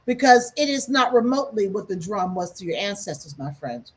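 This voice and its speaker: A woman's voice: mid-range voice, lively intonation, a little fast, few pauses, husky, low-quality recording. A woman giving an emphatic spiritual teaching, repeating key lines for weight.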